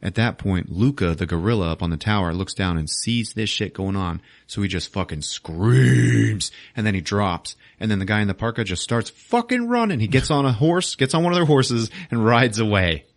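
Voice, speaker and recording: A man's voice: lowish voice, very animated, a little fast, few pauses, no echo. A man hosting a podcast, retelling a film plot in a casual, profane way and slipping into silly character voices. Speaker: podcast host. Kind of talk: casual movie recap.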